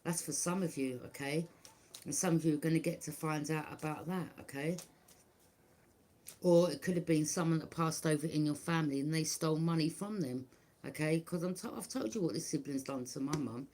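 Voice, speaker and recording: A woman's voice: sits low, fairly quick, a little mellow, a little hiss or hum. A middle-aged woman, talking bluntly and repetitively to her viewers as a tarot reader. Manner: blunt, repetitive, keeps asking "do you understand". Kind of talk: casual monologue to viewers.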